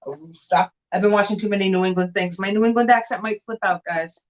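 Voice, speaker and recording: A woman's voice: medium pitch, fast, lo-fi sound. Chatty woman showing vintage glass. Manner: chatty, animated, showing items to camera. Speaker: vintage glass seller and co-host. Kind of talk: casual live-stream chat.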